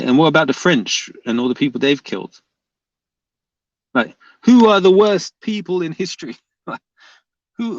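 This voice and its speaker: A man's voice: on the high side, gravelly, no echo. A man hosting a livestream, pressing his chat with repeated questions and reading their comments aloud. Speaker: livestream host debating chat. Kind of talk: casual livestream debate. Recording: dull lo-fi dry sound.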